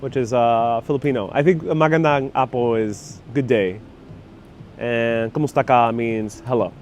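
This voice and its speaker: A man's voice: medium pitch, unhurried, darkish tone. A man hosting a casual live stream as he walks city streets, chatting upbeat and laughing often, on a clip-on mic with faint traffic behind. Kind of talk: casual live-stream chat reading viewer comments. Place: outdoors on busy city streets. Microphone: wireless clip-on mic with phone on gimbal.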